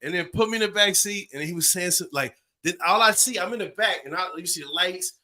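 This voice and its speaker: A man in his forties tells a long story on a podcast, acting out the voices and sound effects as he goes. His voice is bright and forceful, and it sits a little high for a man. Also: fast talker. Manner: animated, acts out voices and sounds. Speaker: podcast co-host. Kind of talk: casual storytelling.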